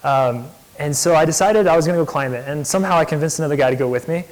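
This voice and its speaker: A young man gives a guest lecture in a loose, storytelling way, talking enthusiastically and peppering his sentences with casual fillers. His voice sits a bit higher than most men's. The tone is that of a relaxed entrepreneur speaking to a room of students. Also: fast talker, poor audio. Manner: enthusiastic, chatty, many "like" fillers. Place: lecture hall.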